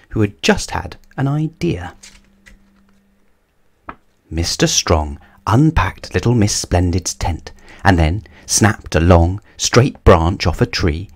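A man's voice: on the low side, a little mellow. A man reading a children's picture book aloud as a bedtime story, telling it expressively.

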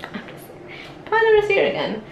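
A young woman, a mother, chatting casually to a handheld camera at home, expressive and talkative, dropping in Spanish words. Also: extremely high pitch, fast talker, creaky, lo-fi sound, slight background noise. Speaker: mother and family vlogger. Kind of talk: casual vlog chat to camera. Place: at home, indoors.

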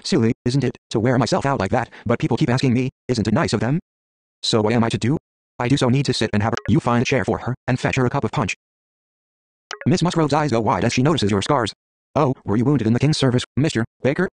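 Fast-reading man voicing a story game. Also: medium pitch, no echo. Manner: reads quickly, stumbling and restarting, muttering menu words. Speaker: player reading an interactive story game aloud. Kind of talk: reading game text aloud.

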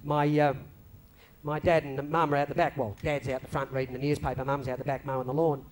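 An Australian man telling a long comic story on stage, lively and broad, slipping into mimicked voices. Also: medium pitch, a little fast. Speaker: comedian telling stories on stage. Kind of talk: live stand-up storytelling. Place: club stage before a live audience. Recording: faint crowd ambience from a live venue.

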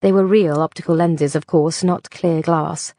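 Gravelly low-voiced woman narrator. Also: fairly even intonation, measured pace, warm tone, dry recording, studio quality. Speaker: audiobook narrator. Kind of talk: audiobook narration.

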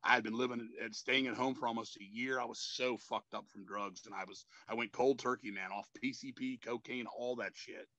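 A man in his fifties tells rambling, swear-filled stories as a metal frontman and keeps saying "man". His voice is bright and forceful. The recording is dry and a bit dull. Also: medium pitch, fairly even intonation, brisk, hardly any pauses, no echo. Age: 50s. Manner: profane, rambling, says "man" constantly. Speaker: metal band frontman, guest. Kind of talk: casual interview storytelling.

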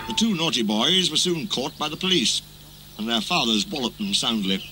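A man reading a children's railway story aloud as narrator, with expressive, animated storytelling. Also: medium pitch, moderate pace, background noise. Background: music.

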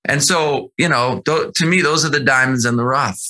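A man in a casual podcast interview, telling stories as a sales executive guest in an animated, conversational way. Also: mid-range voice, moderate pace.

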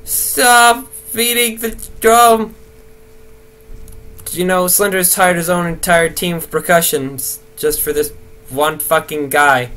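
A young man rambling nervously through horror game commentary, swearing and talking to himself to stay calm. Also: high-pitched. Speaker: gaming video host.

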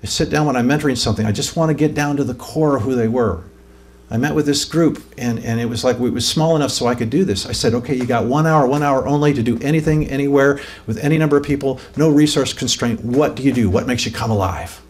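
A man's voice: mid-range voice, lively intonation, quick pace, a little mellow. A man preaching an informal teaching sermon, conversational, often rising to emphatic peaks and asking the room questions. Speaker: pastor.

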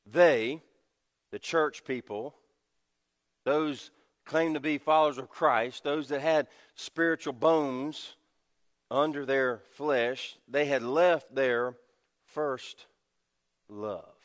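A man preaching a sermon as pastor, swinging from loud emphasis to hushed low tones. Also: big-room sound. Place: church sanctuary.

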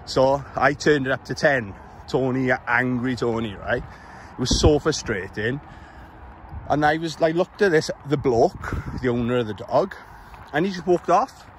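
A man's voice: medium pitch, measured pace, a little hiss or hum. Exasperated Welsh man rambling on a walk. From Wales. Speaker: vlogger. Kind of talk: casual storytelling while walking. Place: outdoors on suburban streets. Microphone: handheld camera while walking.

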